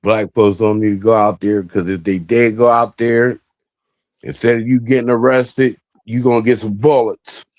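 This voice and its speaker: A man's voice: fairly low pitch, fairly even intonation, moderate pace, a little mellow, no room sound, lo-fi sound. Male co-commenter, blunt and terse, dry close sound. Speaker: livestream guest. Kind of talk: casual commentary.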